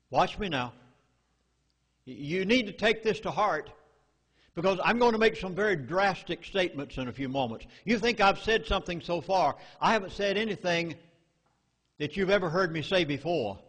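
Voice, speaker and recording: A man with a Southern US accent lectures a live audience in a meeting hall, his voice sitting high, expressive, fairly bright, and husky at a normal speed. The hall reverb makes the recording echoey. As a public speaker, he is emphatic and urgent, issuing dramatic warnings.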